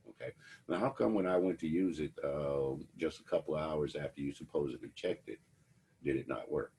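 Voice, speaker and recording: A man's voice: extremely low pitch, brisk, mellow, slight background noise. A man giving a lecture to students, telling a personal story in a wry, conversational way. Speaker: instructor.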